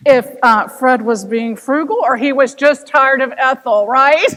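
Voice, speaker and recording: An older woman minister giving a sermon, telling stories with animated voices and asking rhetorical questions. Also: sits high, slow pace, hardly any pauses. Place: church sanctuary. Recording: long reverb of a church hall.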